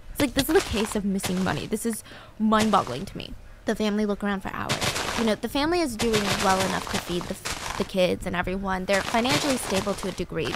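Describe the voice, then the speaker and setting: A woman's voice: on the high side, background noise. A young woman telling a true story in a chatty, casual way, acting out the quotes in the same voice. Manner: chatty, animated, acts out quotes. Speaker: storytelling video host.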